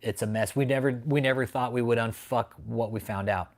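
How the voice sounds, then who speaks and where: A man hosts a livestream in a mid-range voice at a fairly quick pace, ranting casually. He mocks and swears, rambles, and often breaks into laughter.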